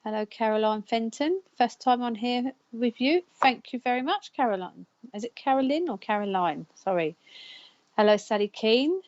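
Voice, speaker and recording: A woman's voice: a little high, lively intonation, normal speed, muffled recording. A woman hosting a live psychic counselling show, chatting casually, laughing often and stumbling over names. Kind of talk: casual live-stream chat.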